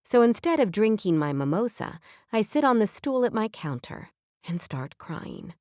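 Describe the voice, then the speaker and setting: A woman narrating a romance audiobook in first person, reading evenly and clearly in a studio. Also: medium pitch, sing-song, normal speed, darkish tone, dry recording.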